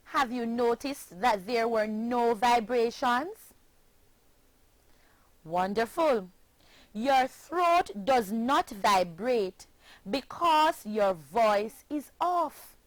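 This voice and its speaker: A woman from Jamaica teaching a pronunciation lesson, speaking clearly and deliberately and spelling words letter by letter. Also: a little high, no echo. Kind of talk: slow classroom pronunciation lesson.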